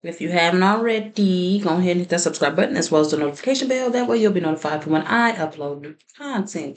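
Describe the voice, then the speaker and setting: Tarot reader, woman, lower voice, chatty and prone to laughing. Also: expressive, fast, hardly any pauses. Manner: chatty, laughs often, prays aloud. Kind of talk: casual tarot reading to camera.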